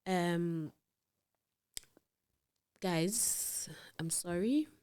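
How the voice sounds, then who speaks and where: A woman telling a personal story as a guest, animated and acting out the quoted dialogue. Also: lowish voice, very slow, clean tone. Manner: animated, acts out quoted dialogue, laughs in disbelief.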